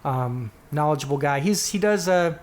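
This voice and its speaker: Lively intonation and a fairly high pitch mark this man's voice, delivered at a moderate pace. Co-hosting a podcast, he reads out listener answers in a loose, rambling way, often stopping to correct himself.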